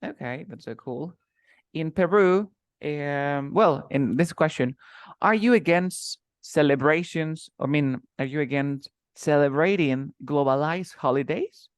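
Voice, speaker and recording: A man's voice: a little high, smooth, dry recording. Patient male English teacher, dry sound. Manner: patient, repeats words slowly for pronunciation. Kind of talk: conversational lesson, interview practice.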